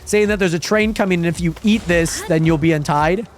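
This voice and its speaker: A man's voice: high-pitched, a little fast, slight background noise. A man streaming a game live, chatting casually with viewers and reading their messages aloud, often repeating himself. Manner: chatty, reads chat aloud, trails off and repeats words. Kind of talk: casual live-stream chat while gaming.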